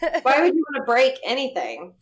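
A woman's voice: high voice, wildly swooping pitch, fairly quick, over a noisy crowd. A young woman co-hosting a casual podcast, making dry, wry remarks and laughing. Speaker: podcast co-host. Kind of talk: casual chat.

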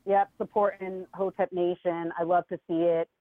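A woman calling in to a show and chatting casually about politics, animated and swooping high when she mocks people. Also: normal speed, no room sound. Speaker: caller. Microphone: phone call. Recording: tinny phone line, dry.

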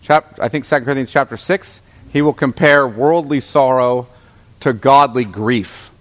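A man's voice: mid-range voice, normal speed, fairly bright tone, big-room sound. A man teaching a Bible class as a pastor, talking to the room in a conversational way, stopping to ask the listeners questions and often starting sentences over.

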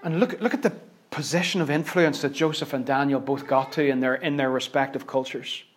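A man with a Northern Irish accent preaching a sermon, driving points home by repeating phrases and swinging between hushed asides and loud stresses. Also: medium pitch, steady tone, fairly quick, slight background noise.

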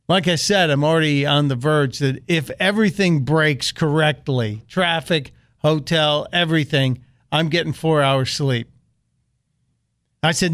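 A man's voice: fairly high pitch, measured pace, no echo, clean studio sound. A middle-aged American man hosting a radio talk show, telling a story and acting out the voices he quotes. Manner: animated, acts out quoted voices. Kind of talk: storytelling monologue.

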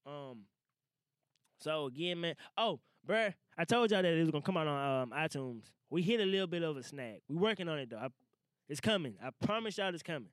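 Young guy doing his podcast, kinda high voice, dry close sound, slangy and loose. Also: a little fast, no room sound. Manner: loose, slangy and animated, swearing and laughing. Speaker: podcast host. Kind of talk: casual podcast monologue. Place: small studio.

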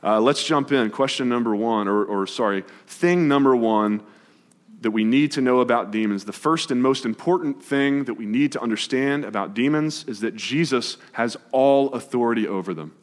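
A man preaching to his congregation, casual and brisk, moving quickly between scripture and plain explanation. His medium-pitched voice carries a long reverb tail off the walls of the church sanctuary. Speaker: pastor. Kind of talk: sermon.

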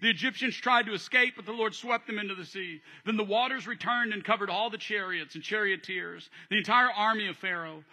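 High bright animated male preacher. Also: fairly quick, hardly any pauses. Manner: animated, acts out voices, jokes with the congregation. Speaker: pastor. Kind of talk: sermon.

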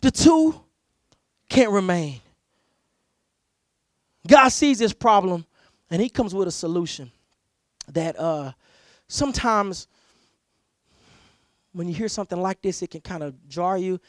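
A man's voice: high voice, unhurried, long pauses, no echo, clean studio sound. A pastor preaching a conversational sermon, telling personal stories, often repeating words as he restarts his sentences and acting out the people he quotes. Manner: animated storyteller who repeats words as he restarts; acts out quoted voices loudly.

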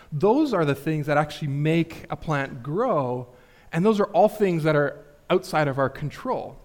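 A man, likely a pastor, preaching a relaxed, conversational sermon full of fillers and rhetorical questions. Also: on the high side. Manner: casual, filler-heavy, asks rhetorical questions.

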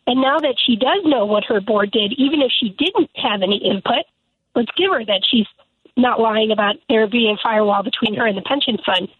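Phoning in to a radio interview, a woman lawmaker makes her case briskly, with emphasis and indignation. Her voice is husky and a little high. The telephone audio comes through tinny and dry.

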